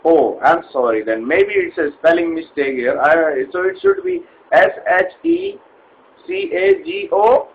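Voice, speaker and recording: A man's voice: on the high side, very animated, unhurried, vocal fry, phone-quality sound, slight background noise, full character voice. A man voicing a polite, formal male call center agent with an Indian accent in a comedy sketch, hesitant and full of fillers. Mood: politely formal.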